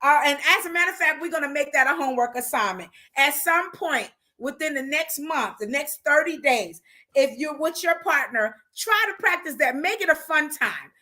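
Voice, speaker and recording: Woman host, high bright voice, chatty advice talk. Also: lively intonation, normal speed. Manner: chatty, warm asides to her pet mid-talk. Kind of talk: casual relationship advice talk.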